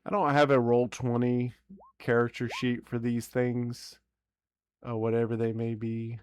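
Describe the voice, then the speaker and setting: Relaxed rambling male dungeon master. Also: mid-range voice, a little slow, a little hiss or hum. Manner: relaxed, rambling, self-correcting. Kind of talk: narrating a tabletop game.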